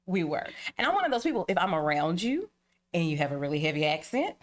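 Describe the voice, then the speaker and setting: Young woman, eastern north carolina accent, a bit low, chatty podcast guest, laughs a lot. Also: fast talker. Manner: animated storyteller, laughs often. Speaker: guest, marketing business owner. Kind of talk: casual podcast chat.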